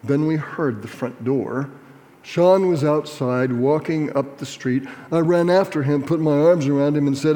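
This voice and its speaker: A man reading a personal memoir aloud in a measured, earnest storytelling manner, in a reverberant room. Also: a little high, warm tone. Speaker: reader. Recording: reverberant hall.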